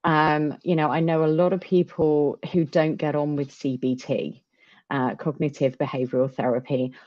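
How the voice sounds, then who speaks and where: Woman with a really low voice, chatty, lots of restarts, dull dry sound. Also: steady tone, dry recording. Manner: candid, halting, many restarts. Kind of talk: casual chat.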